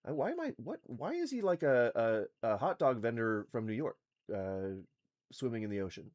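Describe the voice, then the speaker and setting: Male streamer, casual profane rants, mid-pitched voice, faint music underneath. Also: very animated, a little fast. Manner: ranting, swears often, laughs a lot. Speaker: streamer reacting to videos.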